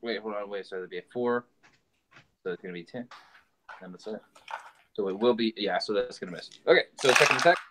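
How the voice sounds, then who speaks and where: A man's voice: on the low side, a little fast, long pauses, very noisy. A man playing a tabletop game, chatting casually, swearing freely and counting out dice rolls. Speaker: player.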